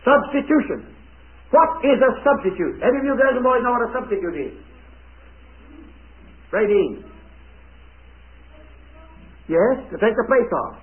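A man's voice: very high voice, expressive, measured pace, long pauses. A man preacher giving an object-lesson sermon to children and adults, emphatic and dramatic, stopping to put questions to the children. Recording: tinny, phone-like old recording.

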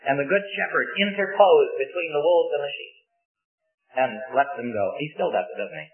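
A man delivers a sermon in a lively storytelling way, often asking his listeners questions. The sound is thin and phone-like, with faint music behind him. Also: fairly high pitch, moderate pace. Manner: animated storytelling with rhetorical questions. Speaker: preacher.

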